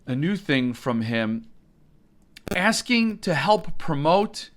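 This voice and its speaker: A man's voice: fairly high pitch, sing-song, slow, fairly bright tone. A man hosting a live stream, ranting in a rambling, mock-outraged way, and he breaks into sudden screams.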